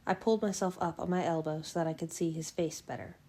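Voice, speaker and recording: A woman reading a novel aloud in the first person, in a steady, unhurried way. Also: deep voice, a little hiss or hum. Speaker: fan audiobook reader.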